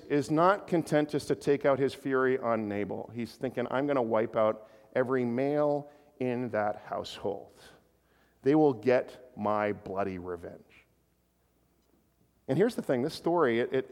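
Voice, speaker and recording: A male pastor preaching a sermon in a relaxed, conversational way, with stumbling repetitions and chuckling asides. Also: medium pitch. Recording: long hall reverb.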